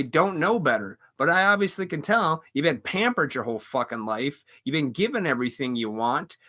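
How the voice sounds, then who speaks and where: A man's voice: fairly high pitch, sharp tone. A man hosting a live stream, delivering an angry, profane rant full of mocking asides. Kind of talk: angry ranting monologue.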